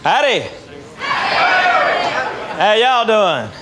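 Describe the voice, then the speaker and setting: A young man with a thick East Tennessee drawl does stand-up in a folksy style, chuckling as he goes. His voice rides very high and bounces around a lot. Loud audience laughter and steady background noise fill the live recording. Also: drawn-out words. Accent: East Tennessee Southern. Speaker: stand-up comedian. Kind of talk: stand-up comedy set. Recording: live club recording with crowd and hum.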